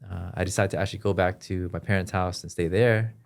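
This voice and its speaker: A man as a podcast guest, telling his personal story in an earnest, halting way with frequent restarts. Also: deep voice, fairly even intonation, creaky. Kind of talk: personal testimony in an interview.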